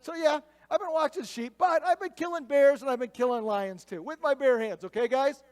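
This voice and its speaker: A man's voice: very high voice, normal speed, in a large hall. A pastor voicing a bold young shepherd who brags about his fights during a sermon retelling. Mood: boastful. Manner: boastful, emphatic.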